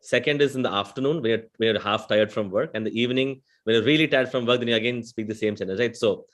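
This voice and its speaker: Male panelist with a South Indian accent, mid-pitched, explanatory, keeps checking in with "right?". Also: fast. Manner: explanatory, often adds a questioning "right?". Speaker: conversational AI vendor panelist. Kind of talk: panel discussion.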